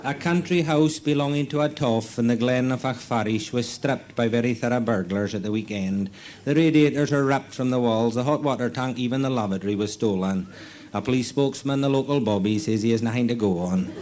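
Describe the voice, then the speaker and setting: Deadpan Scottish comedy radio host. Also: male voice, medium pitch, a little fast. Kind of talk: comic news and sketch narration. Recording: noisy tape copy with audience laughter.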